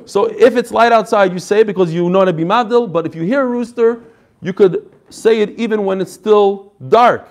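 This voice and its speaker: High-voiced, energetic male Torah teacher. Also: fairly quick. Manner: energetic, explains each phrase right after reading it; chatty asides and jokes. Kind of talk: classroom lecture.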